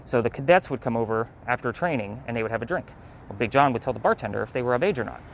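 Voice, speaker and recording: A man runs a ghost tour out on a city street at night and rattles through his stories at a quick clip. He talks loosely, with fillers and the odd curse word. Faint traffic hums behind him. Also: medium pitch, expressive, low-quality recording. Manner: fast, loose talker with swearing and fillers. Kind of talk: casual storytelling on a walking tour.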